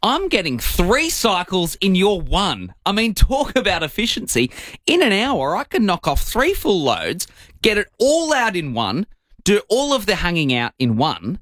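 A man's voice: high-pitched, measured pace, dry recording, studio quality. A man co-hosting a breakfast radio show, chatting in a playful, jokey way. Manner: playful, lively, jokey delivery. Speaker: radio co-host.

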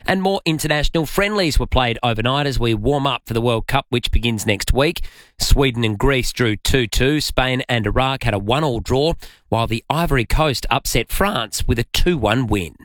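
A man's voice: medium pitch, fairly bright tone, dry recording. Australian man reading sports news. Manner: brisk upbeat bulletin reading. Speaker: sports presenter. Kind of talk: radio sports bulletin.

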